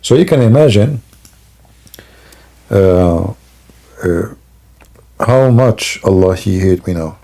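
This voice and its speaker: Man, low pitch, gravelly, sleepy, rambling live-stream talk, broken grammar. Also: lively intonation, slow, long pauses, dark tone. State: sleepy and yawning. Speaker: Christian apologist streamer. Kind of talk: casual live-stream monologue. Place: home, at a computer at night.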